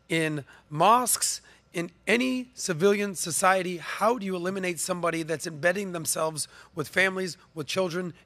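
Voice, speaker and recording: Emphatic podcast host. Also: male voice, fairly high pitch, fairly bright tone. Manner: emphatic, rhetorical questions, frequent ums. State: coughing, slightly choked up. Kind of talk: opinion monologue on a podcast.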